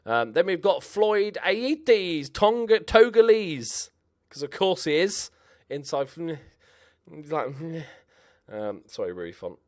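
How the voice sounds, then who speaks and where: A man's voice: on the high side, sing-song, takes it slowly, darkish tone. A man, casually talking through a football management game guide. He thinks aloud with plenty of ums and pokes fun at himself. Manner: chatty and self-mocking, thinking aloud with ums. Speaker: gaming YouTuber.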